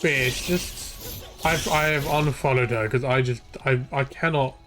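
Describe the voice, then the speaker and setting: A man's voice: medium pitch, unhurried, over music. A young man ranting and swearing freely while streaming a game, rambling from point to point. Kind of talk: ranting live gameplay commentary.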